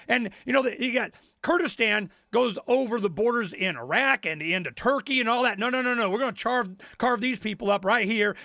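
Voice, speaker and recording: High-pitched ranting male talk host. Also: creaky, no echo, studio quality. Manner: ranting, sarcastic, repeats himself, rising to shouts. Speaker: radio talk show host. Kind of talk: angry radio rant.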